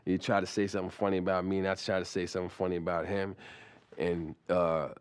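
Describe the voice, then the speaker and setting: A man's voice: low voice, little pitch movement, fast, clear, resonant tone. A man telling a comic anecdote in a rambling, profane way, full of restarts and asides. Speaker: comic storyteller.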